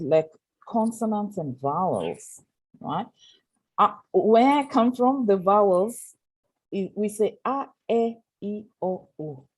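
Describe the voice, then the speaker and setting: A woman's voice: on the low side, mellow, husky. A woman in the audience asking a question at a community talk, hesitant and searching for her words.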